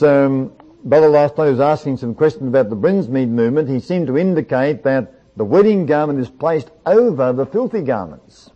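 A man preaching a sermon, reading passages aloud and pressing his points with rhetorical questions. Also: fairly high pitch. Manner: earnest, emphatic, asks rhetorical questions. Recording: dull lo-fi recording.

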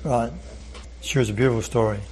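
A man's voice: mid-range voice, fairly even intonation, a little fast, darkish tone, slight background noise, poor audio. A man leading a Bible study lesson, earnest, often repeating words and asking rhetorical questions.

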